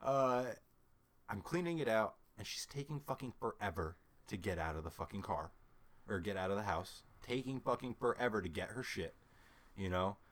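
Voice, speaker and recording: A man's voice: lowish voice, normal speed. Foul-mouthed man venting a story. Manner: heavy cursing, animated retelling with quoted back-and-forth; frequent "like" and "right?" fillers, laughs mid-sentence. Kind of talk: casual chat, venting story.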